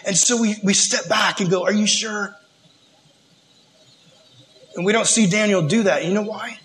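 A man preaching in a casual, slangy style, retelling a story with lively animation. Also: sits high, a little fast, low-quality recording.

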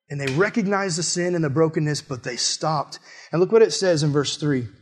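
This young man is a missionary whose sermon unfolds as a personal anecdote told casually, with "like" scattered throughout. His slightly rough voice is animated, frequently shooting up high and loud as he acts out his reactions in quoted outbursts.

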